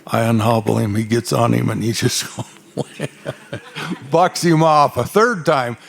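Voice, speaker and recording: Older cowboy drawling a story slowly. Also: male voice, mid-range voice, vocal fry, a little hiss or hum. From Arizona. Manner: folksy drawl, dry humor, chuckles through lines. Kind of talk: onstage storytelling. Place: stage before a live audience.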